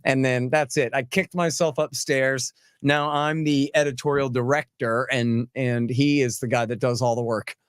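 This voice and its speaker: A man hosting a podcast, chatting casually and telling animated, chuckling stories. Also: mid-range voice, moderate pace, few pauses, clean tone, no room sound, clean studio sound. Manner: animated, chuckling, repeats phrases. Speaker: podcast host. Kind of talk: casual chat, anecdotal storytelling.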